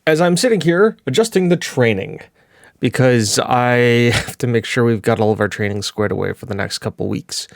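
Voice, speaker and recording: A man's voice: mid-range voice, normal speed, creaky, dry recording, clean studio sound. A young man hosting a gaming video, talking through his game in a casual, rambling way with fillers and self-corrections. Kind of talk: casual gameplay commentary.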